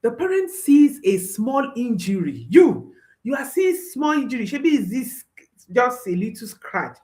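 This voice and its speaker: A woman's voice: on the high side, very animated, measured pace, mellow. A woman parenting coach giving advice to viewers, emphatic, often repeating her phrases and checking in with a questioning "hmm?".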